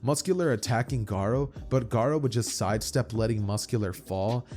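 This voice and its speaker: A man's voice: medium pitch, mellow. A young man casually narrating a fan story, rambling with slang and restarts.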